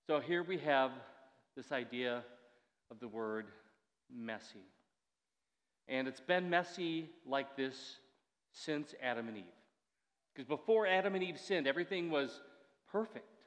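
A man's voice: medium pitch, animated, measured pace, pauses often, fairly bright tone. Man in his sixties preaching in a reverberant hall. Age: 60s. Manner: conversational preaching with asides and restarts. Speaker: pastor. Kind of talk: sermon.

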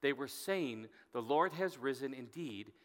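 A man's voice: medium pitch, expressive, measured pace. A man preaching a sermon, telling a Bible story and reading scripture aloud with rising emphasis. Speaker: pastor. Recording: long hall reverb.

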